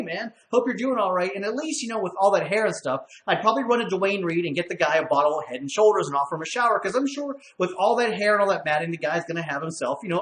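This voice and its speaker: A man's voice: high voice, a bit bright, echoey room. A man from Western Pennsylvania hosting a casual bar-talk webcast, upbeat and chatty, laughing often. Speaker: podcast host.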